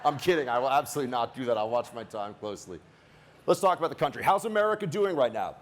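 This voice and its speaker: A man's voice: medium pitch, lively intonation, fast, a little hiss or hum. A man, a radio host, giving a political rally speech with a joking, anecdotal storytelling manner.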